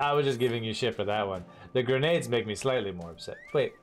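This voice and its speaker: A man's voice: medium pitch, fast, few pauses, soft background music. A man streaming a role-playing game, joking casually and swearing when things go wrong. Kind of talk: casual gaming livestream chat.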